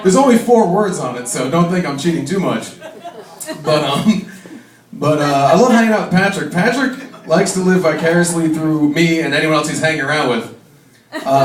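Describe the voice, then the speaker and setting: A man's voice: on the high side, moderate pace, slight background noise. Rambling young man doing stand-up in a bar. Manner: rambling storyteller, acts out friends' voices, laughs at own jokes. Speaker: stand-up comic. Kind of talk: stand-up comedy set. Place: small bar stage. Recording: echoey live room mic, from a distance. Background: crowd laughter.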